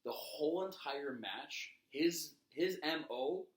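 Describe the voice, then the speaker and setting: A man co-hosting a casual wrestling podcast, telling animated stories, laughing and swearing casually. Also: fairly high pitch, takes it slowly, reverberant. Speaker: podcast co-host. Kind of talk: casual chat about wrestling.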